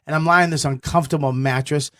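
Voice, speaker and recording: A middle-aged man, a comedian telling stories on a talk show, excitable and swearing a lot. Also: on the high side, fast talker. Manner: excitable, swears a lot, shouts in quoted outbursts. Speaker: guest comedian. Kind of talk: animated storytelling chat.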